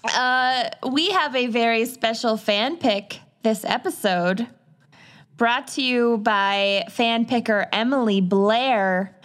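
A Minnesotan woman chatting as a podcast co-host. Her voice sits a little high and her words come slow and drawn out. She is playful and curses casually. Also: fairly bright tone. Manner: slow, playful, swears freely. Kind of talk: casual chat.

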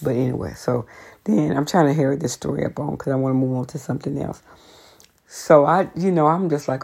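A woman, telling a workplace story to her viewers in a chatty, sassy, sidetracked way, jumping high for emphasis. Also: a little fast, gravelly, a little mellow, husky. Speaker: vlogger.

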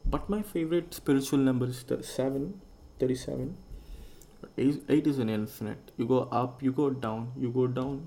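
Gravelly rambling man. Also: medium pitch, normal speed, dark tone. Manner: rambling, musing and swearing freely. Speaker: podcast host. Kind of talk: casual solo podcast monologue.

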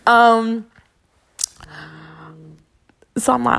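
A woman's voice: sits low, normal speed, gravelly. A woman hosting a solo podcast as a spiritual reader, talking frankly and profanely in a candid storytelling way.

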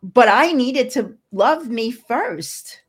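A woman's voice: fairly high pitch, lively intonation, takes it slowly, breathy edge. An older woman guest, an energy healer, talking earnestly in an interview and often repeating words as she searches for them. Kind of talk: casual interview talk.

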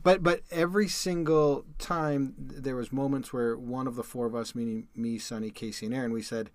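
A man's voice: medium pitch, steady tone, fairly quick, a crowd in the background. A man hosting a podcast interview, reflecting on lessons from the guest's story. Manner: reflective, drawing life lessons. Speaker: podcast host. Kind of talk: conversational interview.

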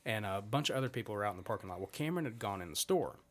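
A man's voice: fairly low pitch, expressive, very fast. A man in his thirties, a podcast guest, telling a rambling, profane story in casual chat. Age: 30s.

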